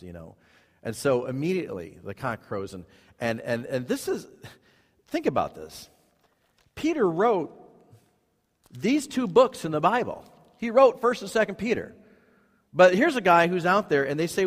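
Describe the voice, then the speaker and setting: A male pastor preaches to his congregation in a church, his voice trailing into a long hall reverb. He drives points home by repeating phrases and swings between quiet, low asides and loud, high peaks. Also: big pitch swings, moderate pace. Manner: emphatic preaching with repeated phrases and sudden rises in pitch and volume. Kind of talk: sermon. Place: church sanctuary.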